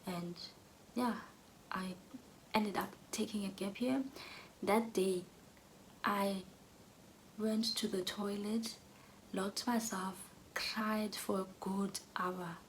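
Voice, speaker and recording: A young woman telling an earnest personal story, often dropping to a soft whisper. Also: medium pitch, steady tone, slow, pauses often, a little hiss or hum, rough recording. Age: young adult. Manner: earnest, drops to soft whispers when emotional.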